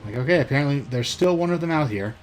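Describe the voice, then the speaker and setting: A man giving casual commentary while he plays, with quick dry asides. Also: a little high, lively intonation, faint music behind. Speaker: player and co-host of a gaming video.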